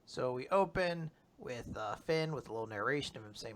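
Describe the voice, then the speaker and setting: A man co-hosting a manga recap podcast, casually retelling chapters, swearing freely, and dropping to a low mumble for character lines. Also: animated, fairly quick, slight background noise. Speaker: podcast co-host.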